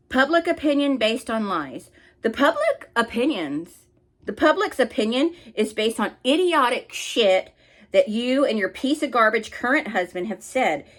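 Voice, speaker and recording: Angry woman ranting with heated scolding. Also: fairly high pitch. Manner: heated, scolding, blunt with swearing. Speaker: commentary channel host.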